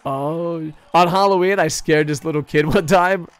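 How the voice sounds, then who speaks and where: A fairly high-voiced man streams a hockey video game from a desk mic at home. He swears freely, jokes at his own expense and gets worked up quickly. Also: smooth, no room sound. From United States. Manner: excitable, profane, self-mocking. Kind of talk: casual gaming stream commentary.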